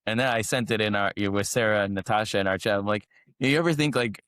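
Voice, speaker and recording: A male podcast co-host whose smooth voice sits on the low side speaks at a quick pace, level in tone and fairly bright. Recorded dry in clean studio sound, he chats casually and tells a rambling tale full of fillers and restarts.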